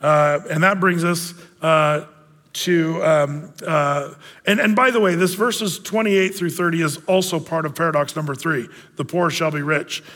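Casting: joking male pastor, fairly high voice, loose and chatty, live church hall reverb. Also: unhurried, fairly bright tone. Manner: chatty, joking, many fillers and restarts. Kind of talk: casual verse-by-verse sermon. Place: church sanctuary.

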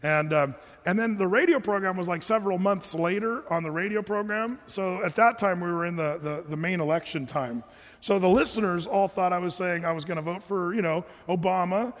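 A man's voice: sits high, brisk, long reverb tail. A man pastor giving a sermon, talking conversationally and animatedly, mimicking what his listeners say. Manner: conversational, animated preaching with mock voices of listeners.

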